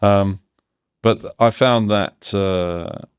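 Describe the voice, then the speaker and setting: A man's voice: lowish voice, steady tone, extremely slow, clear, resonant tone, no echo, studio quality. A man in his fifties, a podcast guest, talking reflectively and analytically in a casual interview, often restarting his sentences. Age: 50s.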